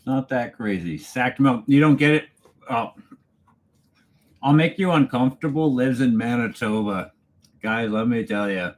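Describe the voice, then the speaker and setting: A man from Canada hosting a casual livestream, chatting with viewers and reading their comments aloud in a relaxed way, chuckling as he goes. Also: mid-range voice, a little slow. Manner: laid-back, chuckling, talks to viewers by name. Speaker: channel host reading live chat. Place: home, alone for the evening.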